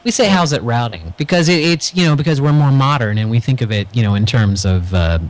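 A man's voice: mid-range voice, quick pace, poor audio. An American man, a podcast co-host, trading teasing, joking banter in a casual chat. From United States.

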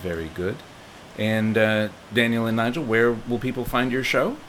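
A man's voice: medium pitch, moderate pace, a bit bright, slight background noise. A man from New Zealand with a Kiwi accent, hosting a casual chat show in an easygoing, lightly wry way. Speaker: show host.

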